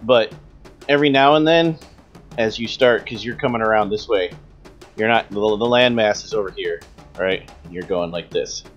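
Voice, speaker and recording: A man's voice: on the low side, moderate pace, lo-fi sound, faint music behind. Casual man narrating a tabletop game. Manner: joking, casual storyteller. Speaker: game master.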